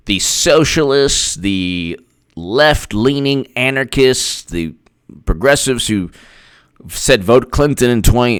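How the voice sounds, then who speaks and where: A man's voice: mid-range voice, a bit bright, clear, resonant tone, no echo. A man giving casual, sarcastic political vlog commentary, mocking as he talks. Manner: sarcastic and mocking, laughing often.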